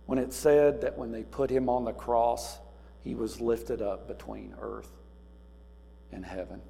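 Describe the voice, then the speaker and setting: A man preaching a sermon, moving between quiet, musing passages and loud, emphatic cries. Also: medium pitch, steady tone, a little slow, creaky. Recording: reverberant hall with faint mains hum.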